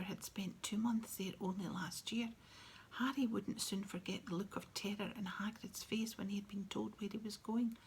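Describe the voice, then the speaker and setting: A woman narrating an audiobook in a soft, hushed whisper at a steady reading pace. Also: medium pitch, a little hiss or hum. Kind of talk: whispered storytelling.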